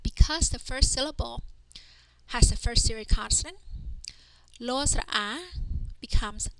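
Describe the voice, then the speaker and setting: A woman teaching reading in a voice-over, with a slightly high voice. She breaks each word into its sounds and reads them out one at a time, patient and unhurried. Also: creaky, no room sound. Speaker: language teacher. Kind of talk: slow spelled-out reading lesson.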